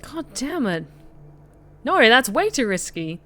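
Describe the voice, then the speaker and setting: Lively woman streamer reading a story game. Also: fairly high pitch, takes it slowly. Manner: lively, chatty, reacts out loud to the story. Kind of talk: reading a game aloud to a live chat.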